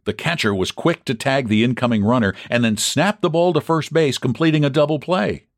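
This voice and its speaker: A man's voice: mid-range voice, brisk, no room sound, clean studio sound. A man narrating a story as an audiobook reader, reading it expressively and calling out the crowd's cries. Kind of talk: scripted narration of a classic baseball story.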